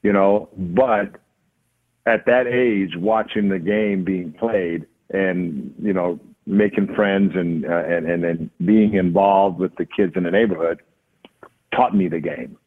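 Jamaican man, low voice, phone-quality guest, rambling relaxed storyteller. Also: slow. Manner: relaxed storytelling with many fillers. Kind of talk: casual interview. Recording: phone-line audio.

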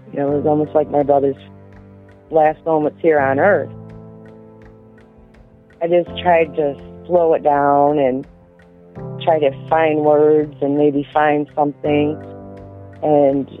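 A woman recounting events in an interview, speaking haltingly with frequent pauses. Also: low-pitched. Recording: tinny phone-line audio.

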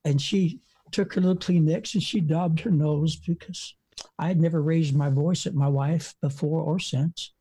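A husky, mellow-toned preacher in his seventies spins long folksy stories, wandering off on tangents and dotting them with fillers. His voice sits a touch high for a man but warm and soft at the edges. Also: fairly even intonation, normal speed. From United States. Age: 70s. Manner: folksy, rambling storyteller with frequent uh fillers. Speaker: evangelist preacher. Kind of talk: storytelling in an interview. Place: home front porch.

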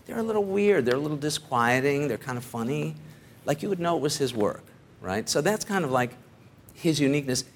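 A man's voice: a little high, animated, fairly quick, slight background noise. A middle-aged man, a photographer, giving a casual talk to a studio audience in a rambling, conversational way, often checking in with "right?".

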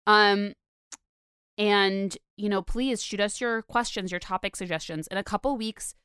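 A woman's voice: medium pitch, fairly even intonation, unhurried, fairly bright tone, smooth, dry recording, clean studio sound. A young adult woman hosting a casual podcast, chatty and rambling with lots of fillers. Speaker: podcast host.

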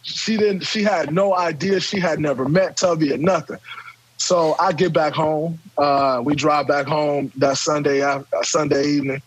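A man from Michigan, a guest on a podcast, telling a story in an animated, profane way and acting out the quotes. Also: on the high side, moderate pace, a little hiss or hum, rough recording. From Michigan, USA. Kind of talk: casual podcast chat.

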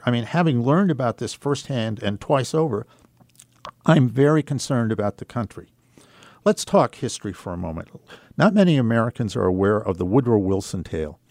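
A man appears as a guest on a radio show, sharing a personal story earnestly and reflectively, unhurried and with filler words. His voice is lowish, gravelly, and darkish, with no room sound.

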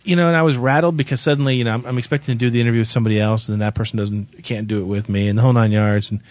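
A man co-hosting a podcast, telling stories in a quick, self-deprecating, casual way. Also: medium pitch, steady tone, a little mellow, no echo. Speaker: podcast co-host. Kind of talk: casual chat.

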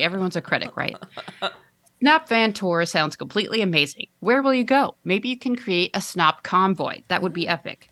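A woman's voice: lowish voice, pushed and bright, dry recording. A woman co-hosting a casual podcast, reading a listener's email aloud and laughing between phrases. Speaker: podcast co-host.

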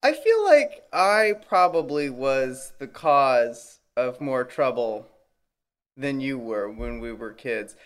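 Hesitant man with a lively voice. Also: on the high side. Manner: hesitant, self-deprecating, repeats words. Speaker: older brother, guest. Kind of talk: casual chat.

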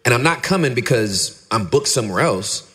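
A middle-aged man, a pastor and podcaster, talking candidly in an interview and acting out his stories with lively dialogue. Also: normal speed, slightly rough. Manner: animated storyteller, acts out dialogue in a high voice.

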